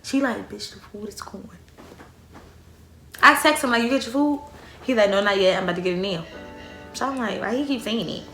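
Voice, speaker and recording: A young woman telling a profane storytime, acting out quoted dialogue with loud outbursts. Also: on the high side, quick pace. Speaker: vlogger. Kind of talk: storytime vlog. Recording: echoey room with faint music.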